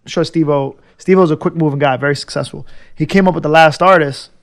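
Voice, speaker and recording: A man's voice: on the high side, fast talker. A young man, a podcast guest, telling stories in casual chat and acting out the people in them. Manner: animated, acts out voices. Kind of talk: casual storytelling.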